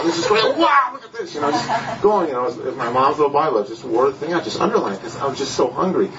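An older man delivers a sermon as a lively storyteller who laughs at his own past. His voice sits a little high, and he sounds set back from the microphone. The recording is muffled and carries faint room noise. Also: far from the mic. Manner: storytelling, animated, laughing at himself. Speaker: pastor. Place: home gathering.

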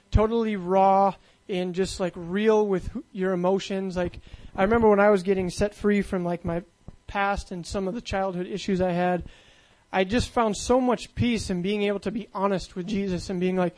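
A man's voice: high-pitched, fairly even intonation, normal speed, a little mellow, rough recording. A man preaching a sermon in a loose, conversational way, full of fillers and asides.

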